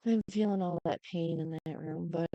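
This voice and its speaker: A woman talking to camera in a casual update, halting and subdued with many ums, close to tears. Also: lowish voice, steady tone, no room sound, dull audio. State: tearful, close to crying. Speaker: YouTuber giving an update.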